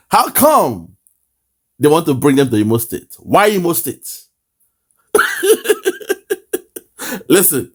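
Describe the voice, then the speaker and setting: Man, Nigerian accent, political commentary host, fiery, mocking, animated pitch. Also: a little fast. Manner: fiery, mocking, bursts into laughter. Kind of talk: impassioned online commentary.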